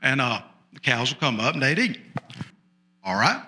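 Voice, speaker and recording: A man's voice: mid-range voice, very animated, moderate pace, pushed and bright. A man telling a folksy tall tale as a small-town sheriff, drawling and chatty, with repeated asides to the audience. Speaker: storyteller. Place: storytelling festival stage.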